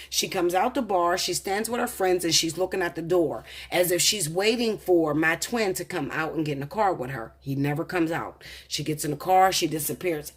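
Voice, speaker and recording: A woman's voice: on the low side, fairly bright tone, breathy edge. A woman in her thirties, a tarot reader, telling a personal story in a heated, profane, confessional way. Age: 30s. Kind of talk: casual storytelling to camera.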